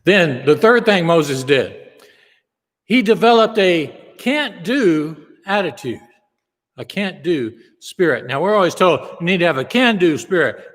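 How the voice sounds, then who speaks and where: A man's voice: fairly high pitch, big pitch swings, measured pace, big-room sound. A male pastor preaching a sermon, telling stories and acting out the quotes he tells. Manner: storytelling, acts out quotes. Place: church sanctuary.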